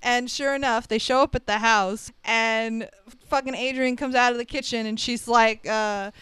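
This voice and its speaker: A woman co-hosting a casual movie recap, animated and swearing freely as she acts out characters' lines. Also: a little high, normal speed, smooth, no echo, rough recording. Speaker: podcast co-host.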